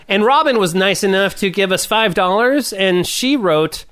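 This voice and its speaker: High-voiced joking podcast host man. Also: animated, a little slow, a bit bright, clear, resonant tone. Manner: joking, laughing often, loose. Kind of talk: casual podcast banter.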